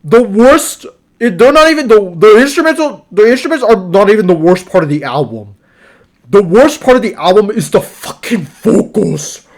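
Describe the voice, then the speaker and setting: Young man, high-pitched voice, casual spoken review, exasperated, rambling, swears a lot. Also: lively intonation, moderate pace. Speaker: album reviewer.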